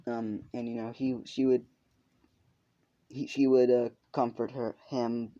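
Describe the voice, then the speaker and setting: A man's voice: mid-range voice, level tone, measured pace, warm tone. A man narrating an improvised fan story in a rambling way, full of fillers and swearing. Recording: muffled lo-fi recording.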